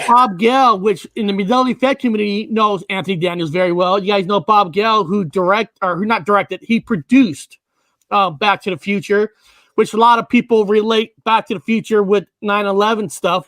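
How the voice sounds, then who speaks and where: Hesitant high-voiced American host. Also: male voice, a bit bright, no room sound. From United States, Washington state. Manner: loose, hesitant with many ums and uhs. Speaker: online show host. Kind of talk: casual video call interview.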